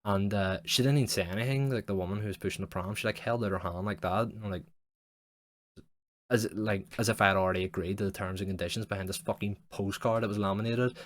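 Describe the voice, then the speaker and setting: A young man with a deep voice rambles through a story on his podcast. He swears freely and fills nearly every pause with "like". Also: steady tone, slight background noise. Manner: rambling, sweary, heavy use of "like". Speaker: podcast host. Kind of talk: casual storytelling monologue.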